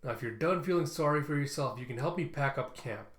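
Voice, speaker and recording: A man's voice: mid-range voice, fast, reverberant, close to an everyday voice. A man voicing a grumpy, blunt old male loner in a comic readthrough. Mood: gruff. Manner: blunt, scoffing, louder.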